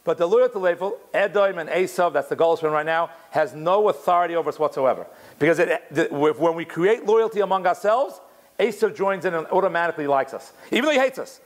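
Sitting on the high side and moving a little fast, this man's voice animates a Torah lesson. Hebrew terms surface as he explains the commentary, and he frequently restarts his thoughts.

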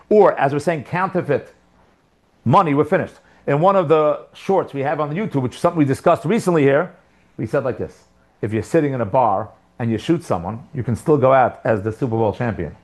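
A man teaching a religious text class, reading passages and thinking aloud with lots of rhetorical questions. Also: a little high. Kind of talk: lesson with text study. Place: living outside America.

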